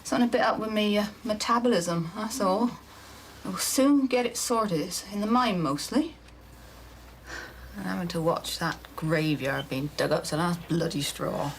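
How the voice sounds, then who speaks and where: A woman's voice: on the low side, normal speed, a little hiss or hum, lightly acted. An actress playing a vain, secretive widow with a rich lover, frank and earthy in her confidences. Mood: confiding.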